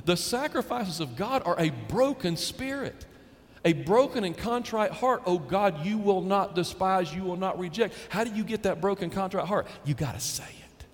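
A man's voice: sits high, animated, moderate pace, big-room sound. A pastor preaching a conversational sermon, acting out quoted dialogue and repeating words as he builds a point.

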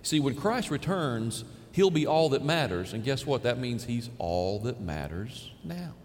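A man's voice: medium pitch, very animated, a little slow. A male pastor delivers a sermon from a large sanctuary, his voice trailing into a long hall reverb over a faint hum of room noise. He talks to the congregation in a casual, emphatic way, repeating key phrases for stress.

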